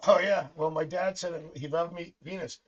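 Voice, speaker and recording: A psychic tarot reader, a middle-aged man, chats casually on a live stream, rambling through family stories and laughing often. His voice is fairly high at normal speed, with the highs cut off.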